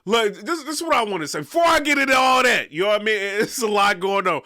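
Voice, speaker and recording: A man's voice: sits high, expressive, quick pace, pushed and bright, no echo, studio quality. A man hosting a casual commentary vlog, rambling and peppering his talk with "you know what I'm saying.". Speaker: vlog host.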